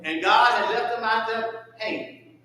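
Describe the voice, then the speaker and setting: A Southern man leads a church Bible lesson, calling questions out to the class and answering them. His voice sits high and bright. He is heard from a distance in a very echoey church room. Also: steady tone, measured pace, a little hiss or hum. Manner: call-and-response questioning. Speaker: Sunday school teacher. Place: church hall.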